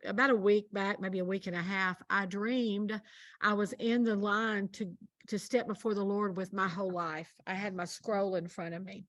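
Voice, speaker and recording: A woman's voice: mid-range voice, steady tone, normal speed, fairly bright tone, dry recording. A woman speaking as a guest minister in a casual faith conversation, telling a story earnestly and with emphasis.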